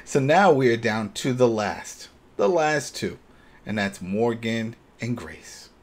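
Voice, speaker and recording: A man's voice: medium pitch, slow pace. A man co-hosting a podcast, retelling scenes in casual chat and acting out the characters' lines as he goes. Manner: animated, acts out characters' lines while retelling. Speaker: podcast co-host.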